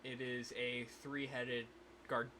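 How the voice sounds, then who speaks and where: A man running a tabletop game, talking slowly and haltingly as he checks the rules. His voice sits at an ordinary middle pitch. There is noticeable background noise behind him. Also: little pitch movement, bright, forceful tone. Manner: halting, thinking aloud, many pauses. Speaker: game master.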